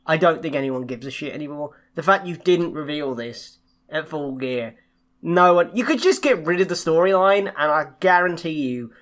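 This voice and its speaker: A woman's voice: sits low, fairly bright tone. A young woman co-hosting a casual podcast chat, ranting in exasperation and swearing often. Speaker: podcast co-host.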